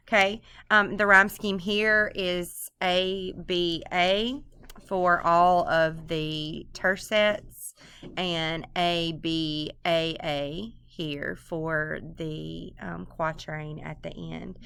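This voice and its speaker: A woman teacher talking through a lesson casually, with many ums and quick self-corrections. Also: lowish voice, fairly even intonation, creaky, sharp tone, a little hiss or hum. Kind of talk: casual recorded literature lesson. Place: quiet room, recorded screencast. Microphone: computer microphone.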